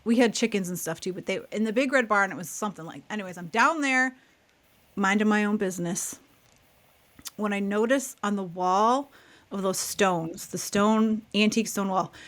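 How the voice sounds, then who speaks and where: A woman's voice: medium pitch, measured pace. A woman co-hosting a podcast, telling a childhood story in casual chat, acting out quotes and laughing often. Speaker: podcast co-host.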